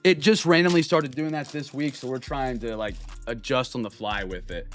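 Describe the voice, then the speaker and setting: A man's voice: mid-range voice, soft background music. Upbeat man hosting a live card break. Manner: upbeat, chatty, greets viewers by name, drawn-out hype calls. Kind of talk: live stream chat with viewers.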